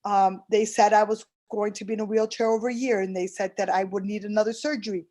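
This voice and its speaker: A woman's voice: medium pitch, mellow. A woman, an early intervention interpreter, giving a personal testimonial and telling her story earnestly while acting out past conversations.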